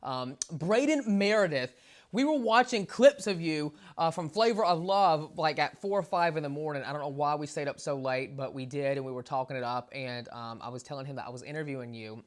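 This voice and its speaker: A man's voice: a little high, brisk. A man hosting an entertainment interview, gushing and enthusiastic, with lots of affirming fillers. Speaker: interview host.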